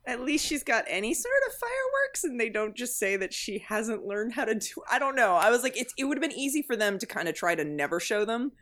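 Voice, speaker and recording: A woman co-hosting a podcast in casual chat over a remote call, animated and quick to laugh. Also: on the high side. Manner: animated, laughs often, exclaims. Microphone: remote call mic.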